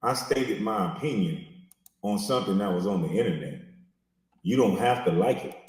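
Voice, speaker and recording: A man's voice: fairly low pitch, animated, moderate pace, a little mellow. Mocking man ranting in an echoey room. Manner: insulting and mocking. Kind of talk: recorded video rant.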